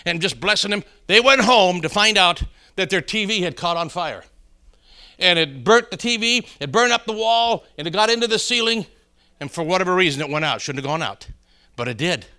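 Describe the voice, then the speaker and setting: A middle-aged man preaches in a high, bright, forceful voice. He spins folksy stories and keeps calling out to the congregation to follow along. His delivery rises and punches as he drives each point home. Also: expressive, normal speed. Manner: folksy storytelling, calls out to congregation. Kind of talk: sermon with joke stories.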